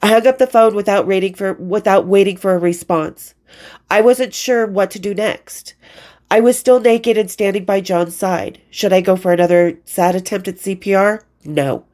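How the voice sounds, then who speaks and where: Middle-aged woman reading from her own book, blunt and expressive, swears a bit, chatty asides. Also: lowish voice, moderate pace. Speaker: author reading her memoir.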